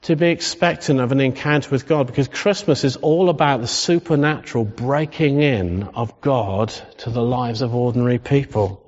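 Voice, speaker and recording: A man's voice: medium pitch, moderate pace, few pauses. Man preaching in a reverberant hall. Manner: conversational, rising into animated emphasis. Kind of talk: sermon. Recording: dull sound with long hall reverb.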